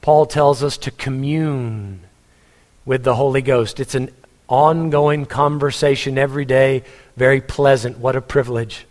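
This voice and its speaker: A man's voice: mid-range voice, fairly even intonation, measured pace. A pastor preaching a sermon in a church hall, earnest and humorous, speaking straight to his congregation. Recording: long church hall reverb.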